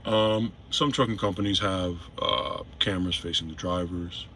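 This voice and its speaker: A man's voice: low-pitched, moderate pace, vocal fry, fairly bright tone, a little hiss or hum. A man who drives trucks, talking casually and emphatically to his viewers, repeating his points. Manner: repetitive, emphatic, addresses viewers directly. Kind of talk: casual to-camera monologue. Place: in a vehicle.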